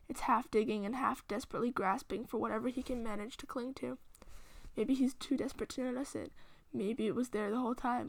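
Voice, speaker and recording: A woman reading fan fiction aloud in a steady, hushed storytelling voice. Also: on the high side, vocal fry, dry recording. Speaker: reader.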